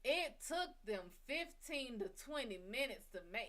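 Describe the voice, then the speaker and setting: A woman's voice: on the high side, unhurried, few pauses. A woman hosting her own psychic reading show, telling a personal story in a blunt, casual way with plenty of cursing. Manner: blunt, heavy cursing, lively retelling. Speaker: psychic reader and show host.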